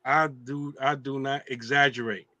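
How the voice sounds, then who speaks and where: A man hosting a casual talk show, telling teasing stories in an animated way. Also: mid-range voice, moderate pace, dry recording, highs cut off. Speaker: show host.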